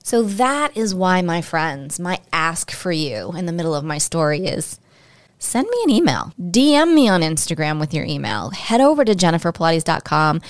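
A woman's voice: low-pitched, very animated, normal speed, hardly any pauses, clean tone, no echo. A woman hosting her own podcast, telling a personal story in a candid, emotional, chatty way straight to her listeners. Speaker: podcast host.

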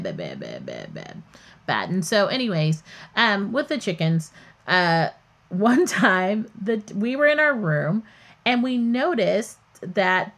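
Animated, candid woman telling a story. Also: medium pitch. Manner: candid, chatty and digressive. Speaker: podcast host. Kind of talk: casual storytelling.

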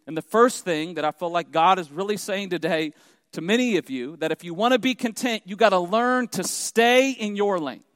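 A man's voice: sits high, moderate pace, a bit bright, no echo, long reverb tail. A man preaching a sermon as pastor, emphatic and repeating key phrases for effect.

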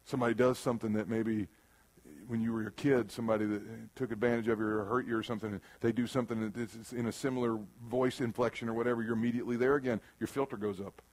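A man preaching a sermon in a church room, who moves from loud bursts to quiet, earnest passages and acts out the voices he quotes. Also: mid-range voice, little pitch movement, quick pace. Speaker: pastor.

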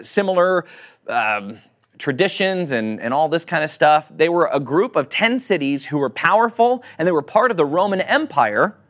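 A man preaching a sermon to a congregation, animated, acting out quoted voices and asking questions. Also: a little high. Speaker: pastor.

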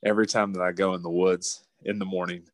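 A man from West Virginia, telling a hunting story in an animated, folksy way with frequent laughs. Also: low-pitched, fast, dry recording. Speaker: guest. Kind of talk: casual storytelling.

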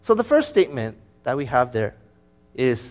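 A man preaching as a pastor, telling a personal story in a conversational, lively way. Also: mid-range voice, moderate pace. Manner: conversational storytelling, with fillers and restarts; lively, acting out his own past words.

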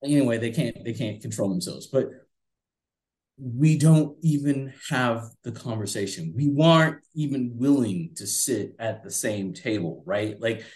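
A man in his forties, co-hosting a casual political chat, talking in an animated, rambling way. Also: medium pitch, unhurried. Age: 40s. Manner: animated, rambling, acts out voices. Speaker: podcast co-host. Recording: roomy echo.

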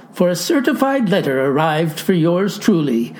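A man's voice: a little high, very animated, moderate pace, hardly any pauses, darkish tone, faint music behind. A man telling a comic monologue as a pompous older farmer, in a grandiloquent, mock-formal way. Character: pompous old farmer narrating in florid speech. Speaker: storyteller.

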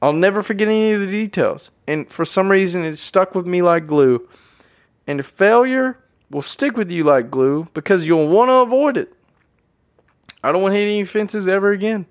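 A man's voice: high-pitched, animated, normal speed. A man hosting a motivational podcast, talking energetically and repeating phrases for emphasis while addressing his listeners as guys. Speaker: podcast host. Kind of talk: motivational monologue.

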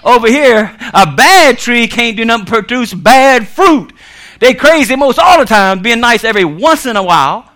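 A man preaching a lighthearted sermon, his voice sitting high and swinging widely up and down. He laughs often and breaks into voices for the people in his stories, punctuating it all with amen and come on. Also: lively intonation, moderate pace, bright, forceful tone. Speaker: minister. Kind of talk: humorous preaching.

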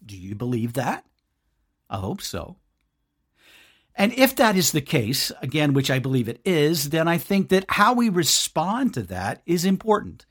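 A man's voice: fairly high pitch, huge pitch swings, measured pace, a bit bright, slightly rough. A man hosting a devotional podcast, talking earnestly and conversationally straight to the listener. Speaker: podcast host.

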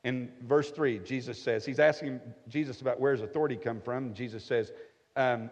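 In an echoey hall with slightly muffled sound, a middle-aged man preaches as a pastor, keeping things conversational with homespun humor and regular "right?" check-ins. He speaks at a moderate pace in a steady, mid-range voice.

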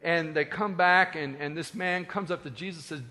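Male pastor, sermon, animated and joking, fairly high voice, long hall reverb. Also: moderate pace, hardly any pauses. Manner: animated, conversational, joking asides.

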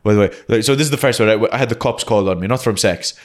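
A man's voice: fairly low pitch, very fast. A young man from Malta, a comedian guest spinning loose, rambling stories in casual podcast chat, full of "like" fillers and acted-out quotes. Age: young adult. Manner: rambling storyteller, heavy "like" fillers, acts out quotes.

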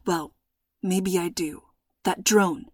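A woman voicing a calm, protective father in a storybook reading, with a raspy, hushed and steady voice. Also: sits high, slow, no echo, studio quality, voice pushed down. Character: worried protective father, calm under threat.

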